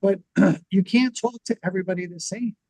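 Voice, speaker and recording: A man co-hosting a business talk show, teaching in a lively conversational way and acting out what people would say. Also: sits high, normal speed, gravelly, slightly rough, no echo, rough recording. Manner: animated, acts out quoted reactions. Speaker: podcast co-host.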